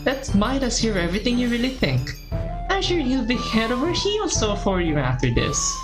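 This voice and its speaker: A woman's voice: a little high, very animated, moderate pace, music in the background, voice pushed up. Woman doing a snippy, mocking teenage girl. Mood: snide.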